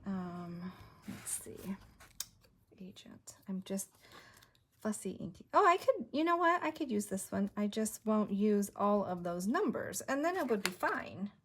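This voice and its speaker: A woman sits at her craft table and chats casually, thinking aloud as she works. She drops to a murmur now and then, a little winded, in a middle-pitched voice. There is a faint hiss of noise behind her. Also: sing-song, moderate pace, a bit bright. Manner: chatty, thinking aloud, murmuring to herself while stamping. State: a bit winded. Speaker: craft video creator.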